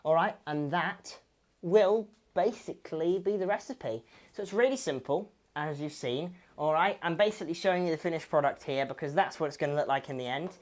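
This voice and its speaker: Brief: female cooking host, low voice, chatty, fond of corny jokes. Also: fairly quick. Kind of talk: casual cooking demonstration.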